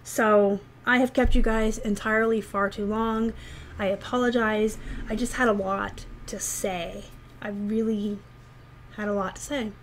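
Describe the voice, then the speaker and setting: A woman's voice: mid-range voice, steady tone, unhurried, slight background noise. A woman, talking chattily and sarcastically to viewers in a rambling vlog about her reselling business. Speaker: eBay reseller vlogger. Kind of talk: casual vlog talk.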